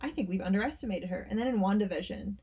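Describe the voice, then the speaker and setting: A woman co-hosting a podcast in casual chat, with a dry, deadpan sense of humor and a husky voice. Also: mid-range voice, fast, muffled recording. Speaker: podcast co-host.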